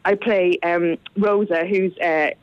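A woman's voice: fairly low pitch, fairly even intonation, takes it slowly, no room sound. A chatty woman, an actress and writer, talking through her projects in an easy interview. She laughs readily between thoughts. The line sounds dull and lo-fi, with a dry, close sound. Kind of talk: casual radio interview chat.

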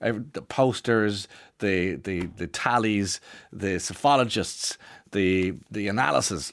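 A man's voice: fairly low pitch, moderate pace, no echo, studio quality. An Irish man presenting a radio show, chatting casually in a rambling way with lots of restarts and asides. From Ireland. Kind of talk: casual monologue.

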